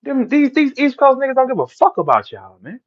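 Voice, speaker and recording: A middle-aged battle rapper from St. Louis in the Midwest US delivers a heated livestream rant, lecturing his listeners in a preachy, profane, fiery sermon-like flow. His voice sits high with wildly swooping pitch and a brisk pace. The audio is dull and lo-fi, like a muffled stream.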